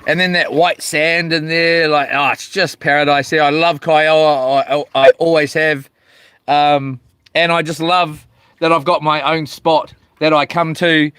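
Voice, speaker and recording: A man's voice: fairly high pitch, flat delivery, a little slow, fairly bright tone, smooth, no echo. A man with a New Zealand accent chatting casually on a live stream from a small boat outdoors, slangy and laid-back as he reads viewer comments aloud. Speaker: livestreaming fisherman.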